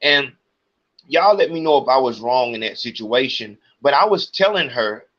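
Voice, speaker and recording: A man's voice: mid-range voice, animated, normal speed, a bit bright, dull audio. A podcast host, a man, venting in an agitated, profane rant to his audience. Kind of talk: ranting monologue.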